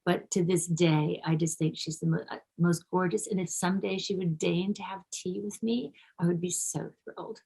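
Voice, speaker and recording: A woman's voice: fairly low pitch, steady tone, moderate pace, creaky, few pauses, dark tone, breathy edge, low-quality recording. A middle-aged actress being interviewed, talking effusively and casually, often restarting her sentences.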